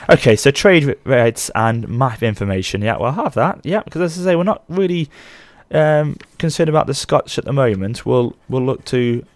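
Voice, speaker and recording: A man's voice: mid-range voice, lively intonation, moderate pace, hardly any pauses, no room sound. A man in his thirties giving rambling, casual let's play commentary, often correcting himself mid-sentence. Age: 30s. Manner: chatty, rambling, frequent self-corrections. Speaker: gaming channel host.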